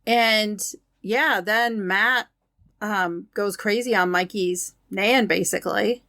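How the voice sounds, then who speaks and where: A woman's voice: mid-range voice, takes it slowly, sharp tone. A woman co-hosts a podcast, casually walking through a movie's plot in detail. She is agreeable and easygoing, and the recording is dry with no room echo. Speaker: podcast co-host. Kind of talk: casual chat reviewing a film.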